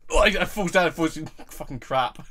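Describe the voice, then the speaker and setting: A man's voice: fairly high pitch, lively intonation, normal speed, fairly bright tone. A young man giving a casual, laughing film commentary, swearing and cracking up constantly. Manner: giggly and profane, laughing constantly.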